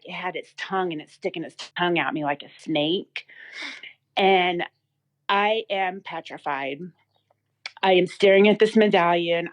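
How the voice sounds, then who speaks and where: A woman with a lowish voice appears as a podcast guest to give a personal testimony. She tells her story vividly, using lots of fillers and restarts.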